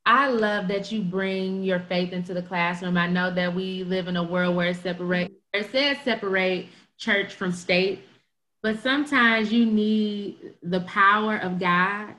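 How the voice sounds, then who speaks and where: A woman's voice: mid-range voice, fairly even intonation, unhurried, sharp tone, roomy sound. A woman hosting an interview, talking in an emphatic, affirming way. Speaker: interview host. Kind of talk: casual interview talk.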